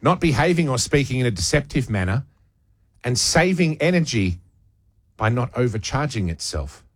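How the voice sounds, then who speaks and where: A man's voice: medium pitch, very animated, normal speed, slightly rough, dry recording, studio quality. A man hosting a breakfast radio show, chatting playfully and reading out a news story with wry asides. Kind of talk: casual on-air banter and reading a news story. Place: radio studio. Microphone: studio microphone.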